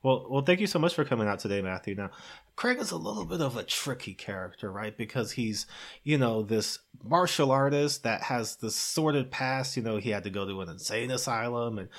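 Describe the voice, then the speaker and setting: A man's voice: mid-range voice, animated, brisk. A man playing a chipper, awkward film director. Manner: chipper, hesitant, filler-heavy. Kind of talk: comedy sketch.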